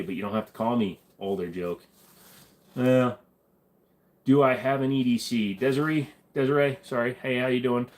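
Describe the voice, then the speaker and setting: A man hosting a casual livestream, chatting loosely with viewers, joking and rambling with lots of fillers and restarts. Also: mid-range voice. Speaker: livestream host. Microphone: desk microphone.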